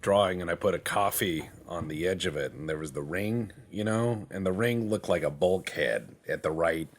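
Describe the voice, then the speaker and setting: A man giving rambling, joking gameplay commentary, acting out imagined conversations and muttering to himself while he works the menus. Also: low voice. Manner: joking, acts out imagined dialogues in quick quoted voices.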